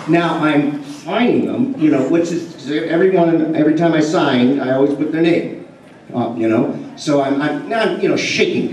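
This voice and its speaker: A man telling a rambling, animated story to a convention audience, acting out the dialogue. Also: on the high side, a little hiss or hum. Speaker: convention panel guest. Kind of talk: storytelling anecdote to a live audience. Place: large convention hall. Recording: echoey hall, mic heard from far off. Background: audience laughing.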